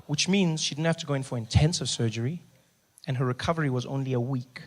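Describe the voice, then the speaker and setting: A man's voice: medium pitch, quick pace. A man from Africa, performing a stand-up comedy set live on stage, telling stories and acting out other people's voices. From South Africa. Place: theater stage before a live audience.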